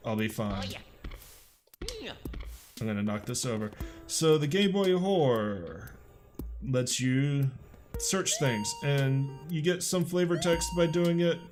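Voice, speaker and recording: A man's voice: medium pitch, takes it slowly, a little mellow, faint music behind. A man hosting a let's play, giving wry, joking, laid-back commentary on a game as he plays. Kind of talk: casual gameplay commentary.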